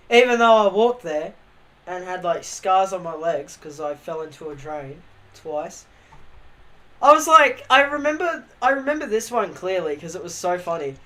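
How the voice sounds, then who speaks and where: A man's voice: high-pitched, very animated, a little slow, bright, forceful tone. A young man with an Australian accent casually telling rambling stories on a livestream, swearing freely and laughing at himself.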